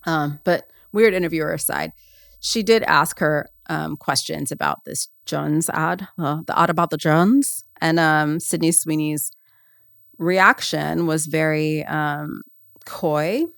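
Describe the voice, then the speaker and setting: A woman's voice: deep voice, steady tone, slow, gravelly, fairly bright tone, no room sound, studio quality. A woman hosting a podcast in casual, comedic chat, rambling and sarcastic with lots of fillers. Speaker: podcast host.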